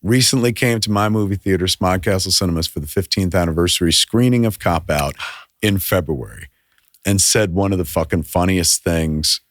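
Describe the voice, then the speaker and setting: A filmmaker in casual podcast chat, an animated storyteller who swears often and acts out quotes. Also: male voice, low voice, moderate pace. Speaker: filmmaker guest.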